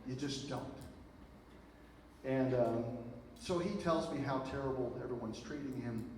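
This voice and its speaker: A man addresses a live audience, telling his story in a lively way with plenty of fillers and side remarks. He is caught from across a large hall, his voice swimming in a long, booming echo. Steady background noise sits under everything. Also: measured pace. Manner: animated storytelling with frequent fillers and asides. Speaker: speaker. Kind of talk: public speech to a live audience. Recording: very echoey hall from far off, noisy.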